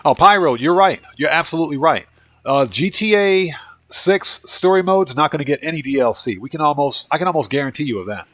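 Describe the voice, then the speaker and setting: A man's voice: fairly high pitch, fairly quick, no room sound. Congested man hosting a gameplay livestream. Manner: relaxed, talks to chat and thanks viewers by name. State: congested and losing his voice. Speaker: livestream host, gamer. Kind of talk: casual gameplay commentary.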